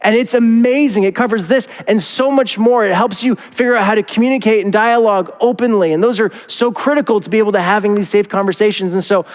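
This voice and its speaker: A man in his thirties, a pastor preaching in a casual, animated way with many fillers. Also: sits high, fast, hardly any pauses, big-room sound. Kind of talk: sermon.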